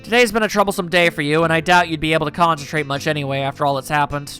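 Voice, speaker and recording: Calm, roundabout male teacher in a read-aloud visual novel, brisk bright tone, played by a man. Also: a little high, faint music behind. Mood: reassuring. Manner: measured, roundabout lecturing. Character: patient, lecturing male schoolteacher.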